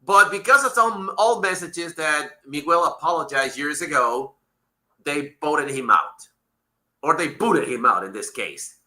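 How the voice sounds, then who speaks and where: A man's voice: fairly high pitch, lively intonation, measured pace, pushed and bright. A man hosting a wrestling talk show, ranting heatedly and swearing often. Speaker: podcast host.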